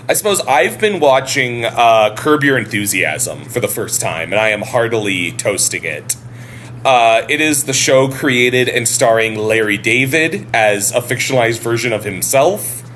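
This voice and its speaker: Male podcast co-host, casual and animated, swears freely, voice swings widely; faint background hum. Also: mid-range voice, a little slow.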